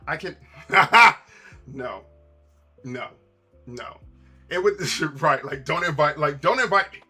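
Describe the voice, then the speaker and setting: A man's voice: fairly high pitch, expressive, measured pace, pushed and bright, slightly rough, faint music behind. A man chatting casually on a live stream, rambling with lots of repeats and asides to his chat.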